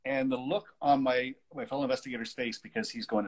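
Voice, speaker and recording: A man's voice: mid-range voice, fairly even intonation, fairly quick, slightly rough, poor audio. A man who works as a paranormal investigator, chatting casually and telling stories, laughing at his own jokes. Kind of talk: casual conversation.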